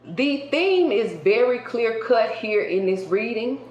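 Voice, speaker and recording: A woman doing a casual tarot card reading for her viewers. She talks colloquially and emphatically, jumping between loud outbursts and hushed asides. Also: on the high side, lively intonation, takes it slowly, lo-fi sound. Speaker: tarot reader. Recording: roomy echo with faint background hiss.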